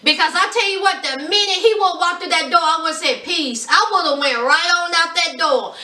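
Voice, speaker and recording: A sassy woman, talking high and bright as she recaps a reality show for her channel. She is animated and plays out each person she quotes. Her voice rings in an echoey room, a little off the mic. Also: a little fast, recorded from a distance. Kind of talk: casual chat.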